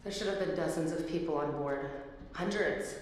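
A woman's voice: low-pitched, normal speed, background noise, lightly acted. An actress voicing a frightened young woman in a video game, with an anxious, uneasy manner. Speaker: game character. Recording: echoey game audio with music.

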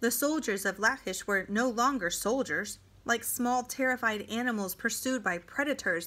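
A woman reading a novel aloud to students, with a deliberate, dramatic delivery. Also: mid-range voice, bright, forceful tone. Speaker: reader for homeschool students.

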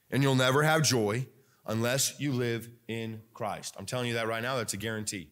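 A man's voice: medium pitch, normal speed, a bit bright. A young male pastor preaching a sermon in a church, restarting often, with many fillers and restarts. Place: church sanctuary.

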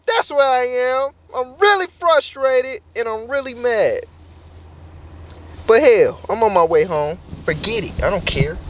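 A man's voice: very high-pitched, animated, unhurried. Melodramatic young man ranting in his car. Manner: melodramatic, exaggerated complaining. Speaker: vlogger. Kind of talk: casual vlog.

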